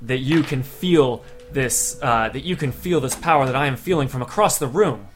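A man's voice: medium pitch, natural voice. A man voicing a formal, cautious woman scholar. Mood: wary. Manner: formal, measured speech. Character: serious female scholar, cautious and analytical.

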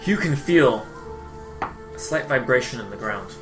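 Male game master, loose halting narration, mid pitch, faint music underneath. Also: animated.

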